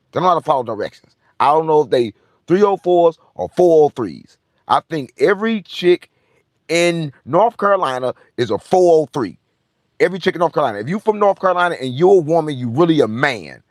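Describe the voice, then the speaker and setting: A man's voice: mid-range voice, dry recording, studio quality. A man hosting his own show, telling a rambling, profane story in a boastful, repetitive way. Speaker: show host. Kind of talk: casual storytelling rant.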